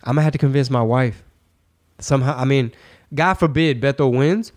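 A man from Texas co-hosts a casual political podcast, his voice slightly stuffy and congested. He talks in a loose, slangy, animated way, full of fillers. His pitch sits in a middle range. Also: normal speed. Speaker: podcast co-host.

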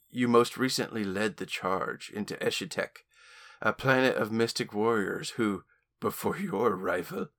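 A man's voice: lowish voice, a bit bright. A man voicing a small, sly alien lord who speaks in a grandiose, sneering way.

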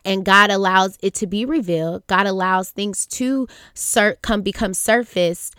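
A young woman hosting a faith podcast, speaking earnestly and haltingly with many fillers and restarts. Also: medium pitch, a bit bright, clear, resonant tone, no echo, studio quality. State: near tears at times. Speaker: podcast host. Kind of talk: reflective faith podcast monologue.

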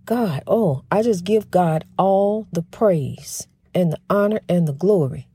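A middle-aged woman hosting a faith-based talk program in a casual spiritual monologue. She talks fast with a slight stutter, restarts often, and keeps calling her listeners "honey". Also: on the low side, expressive, dark tone, husky, no room sound, clean studio sound. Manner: folksy and emphatic, says "honey" often.

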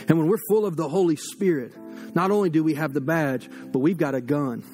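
A man preaching a sermon as pastor, fiery and direct, talking to the congregation as if across a table. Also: fairly high pitch.

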